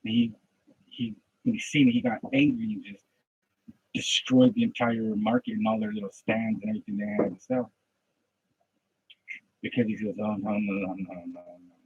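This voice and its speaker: Gravelly man ranting like a preacher. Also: lively intonation, moderate pace, pauses often, dry recording, dull audio. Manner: impassioned preachy rant, swings from loud to low muttering. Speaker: aspiring podcaster. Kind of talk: practice podcast monologue on faith.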